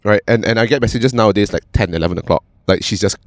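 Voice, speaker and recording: A man's voice: fairly low pitch, fast talker, no echo, studio quality. A man chatting casually, rambling and repeating words, swearing freely and often asking "right?". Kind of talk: casual chat.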